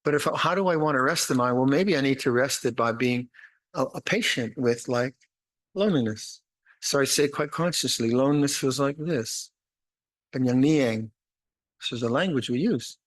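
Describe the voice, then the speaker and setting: An older man giving a dharma talk at a meditation retreat, speaking slowly and haltingly, with many restarts and a gentle, wry humor. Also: medium pitch, lively intonation, poor audio. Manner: slow, halting, many repeated words and restarts; gentle, wry, laughs at his own jokes. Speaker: meditation teacher.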